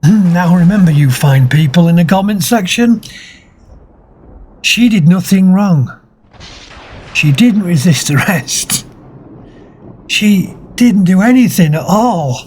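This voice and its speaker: A man's voice: high-pitched, lively intonation, a little mellow, a little hiss or hum. A man doing mocking, sarcastic commentary over video clips. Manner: mocking, sarcastic, drawn-out delivery. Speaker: commentary channel host.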